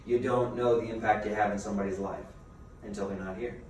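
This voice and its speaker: A man giving a motivational seminar as a business coach, a lively storyteller who asks his listeners rhetorical questions. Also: lowish voice, brisk. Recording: very echoey room, mic far off, faint noise.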